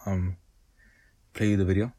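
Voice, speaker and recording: A man's voice: sits low, level tone, moderate pace, dark tone. A man co-hosting a casual chat, loose and profane, joking around.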